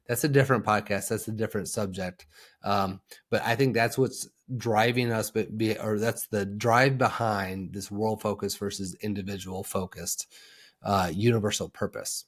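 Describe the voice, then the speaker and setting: A man's voice: on the low side, steady tone, moderate pace. A man hosting a solo coaching podcast, talking earnestly and conversationally with frequent fillers and restarts.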